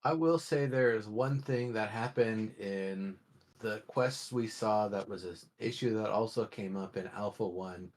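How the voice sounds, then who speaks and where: A man co-hosting a casual discussion, ranting with wry, animated complaints. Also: lowish voice, a little slow. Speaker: podcast co-host.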